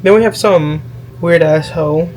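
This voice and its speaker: Sassy young man with high squeals. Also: normal speed, a little mellow, faint music behind, poor audio. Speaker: vlogger. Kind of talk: casual chat reading comments.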